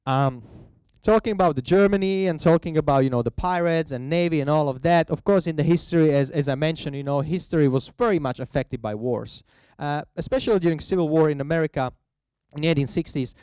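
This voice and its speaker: A man giving a festival talk on the history of coffee cocktails, telling it as a lively story in non-native English. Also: a little high, fairly quick, clear, resonant tone, no room sound. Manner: lively storyteller who acts out quoted voices.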